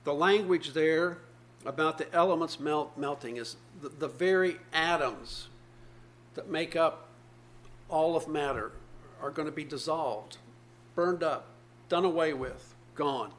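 A man's voice: fairly high pitch, measured pace, a bit bright. A man, probably older, preaching a sermon, reading scripture aloud and explaining it earnestly with repeated phrases.

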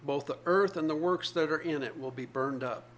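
Man preaching a sermon, slightly high voice. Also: normal speed, a bit bright. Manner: reads scripture aloud, then explains it earnestly with repetition.

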